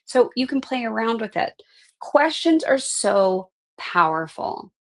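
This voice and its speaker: A woman's voice: on the high side, sing-song, slow pace. A middle-aged woman life coach teaching a live class, earnest and conversational, often tagging her points with "right?". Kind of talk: live online class talk.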